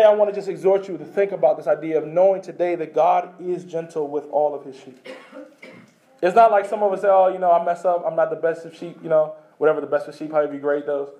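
A man preaching a sermon in a rather high voice with a mellow, warm tone. He presses points with emphasis, then drops to soft, hushed phrases. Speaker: pastor.

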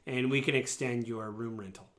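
A man's voice: mid-range voice, fairly even intonation, normal speed, fairly bright tone, slight background noise, close to an everyday voice. A man voicing a courteous female elf innkeeper in a tabletop game. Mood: polite. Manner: courteous, helpful.

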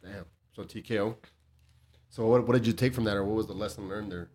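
A man's voice: fairly low pitch, fairly even intonation, brisk, a little mellow. A man hosting a podcast, asking questions in a laid-back way, cursing and laughing often. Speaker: podcast host. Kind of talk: casual podcast interview.

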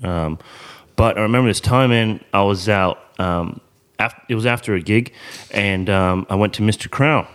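Laughing through his stories and cursing often, a young podcast host keeps the talk casual. He speaks at a normal pace in a lowish voice that sounds clear and resonant.

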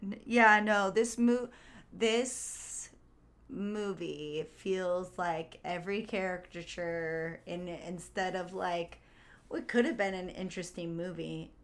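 A woman's voice: fairly low pitch, slow pace. A woman co-hosting a podcast, chatting casually about a movie and acting out scenes as she retells them. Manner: animated, re-enacts scenes with put-on quotes. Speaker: podcast co-host. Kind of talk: casual movie review chat.

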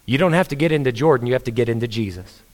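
Casting: male pastor, mid-pitched voice, earnest conversational sermon delivery, storytelling. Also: rapid-fire, a little mellow.

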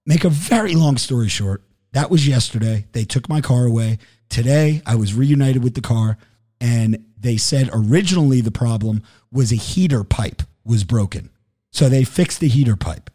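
Casting: man, mellow warm voice, loose profane storyteller, acts out both sides of calls. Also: mid-range voice, expressive, normal speed. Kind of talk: casual storytelling chat.

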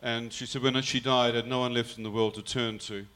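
A man tells his own story in a bright, forceful voice. He speaks earnestly and slips into his mother's words as he recounts them. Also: mid-range voice, flat delivery, brisk, clean tone. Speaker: guest telling his testimony. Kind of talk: personal storytelling.

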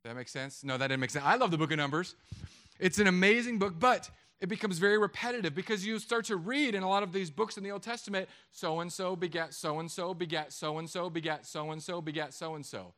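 A middle-aged man preaching a sermon, joking with the congregation in an animated way. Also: high voice, fast. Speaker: pastor.

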